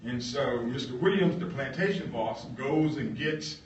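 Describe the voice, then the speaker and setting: A man, an author, telling a story at a lecture in an animated way, acting out voices. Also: medium pitch, a little slow, few pauses, lo-fi sound. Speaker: author giving a talk. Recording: roomy lecture hall, mic at a distance.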